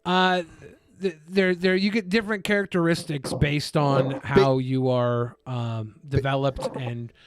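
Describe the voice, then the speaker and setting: A man co-hosting a casual podcast, reading facts and telling deadpan jokes, with frequent fillers. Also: mid-range voice, measured pace. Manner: dry, mock-scholarly jokes with many fillers.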